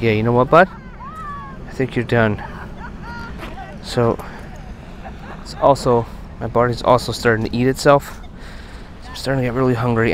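A man's voice: medium pitch, a little hiss or hum. Chatty man detecting on a beach. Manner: chatty, talks to finds and animals, excitable bursts. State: out of breath. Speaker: metal detecting vlogger. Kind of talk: casual running commentary while metal detecting. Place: outdoors on a beach at night.

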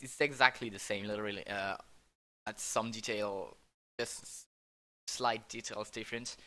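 In a casual screen-recorded tutorial, a producer breaks down his own track. He's young, with a fairly low, sharp voice, and his halting delivery is full of self-corrections and laughs at his mistakes.

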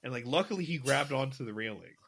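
A man's voice: mid-range voice, animated, quick pace, fairly bright tone, slightly rough. A young man in his twenties, co-hosting a podcast, rambling casually with lots of fillers and restarts. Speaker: podcast co-host. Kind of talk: casual chat.

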